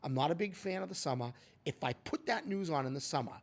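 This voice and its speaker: A man's voice: on the high side, expressive, fast, creaky. Male podcast host, emphatic and opinionated, casual chat. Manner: opinionated and emphatic, often addresses his co-host by name.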